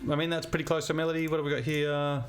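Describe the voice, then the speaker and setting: A man's voice: fairly high pitch, level tone, rapid-fire. A man, a music teacher talking through a composition demo while thinking aloud. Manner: thinking aloud, scatting melodies. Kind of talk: screen-recorded composition demo.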